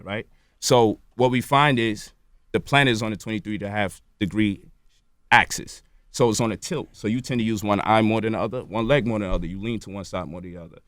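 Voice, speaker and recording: This radio studio guest is a man with a lowish, somewhat bright voice, heard in a dry recording. He holds forth in lecturing interview talk, punctuating his long explanations with "right?" and "you feel me?"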